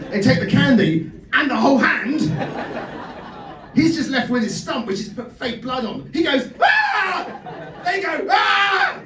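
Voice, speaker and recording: Stand-up comic in a roomy club. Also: male voice, very high-pitched, animated, unhurried, pauses often, a bit bright. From England. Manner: crowd work, swears freely. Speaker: stand-up comedian. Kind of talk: stand-up comedy set. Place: comedy club stage with audience. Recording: distant roomy live club recording.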